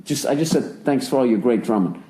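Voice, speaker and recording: A man in his forties from the United States, hosting a casual podcast chat and telling stories with lots of swearing and sudden jumps up in pitch when he rants. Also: fairly quick. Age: 40s. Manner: profane, animated storyteller who swings his voice up high when ranting. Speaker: podcast host.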